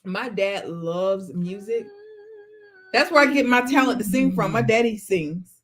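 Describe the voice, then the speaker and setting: A woman, hosting a casual chat and telling family stories in a lively way, now and then breaking into song. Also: mid-range voice, a little slow. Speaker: vlog host.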